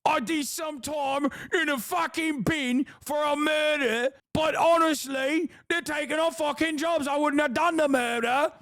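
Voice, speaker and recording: A man mocking a dim-witted angry lad who shouts his grievances. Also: very high-pitched, steady tone, a little slow, hardly any pauses, no echo, studio quality, pitched above the performer's own voice, heavily acted.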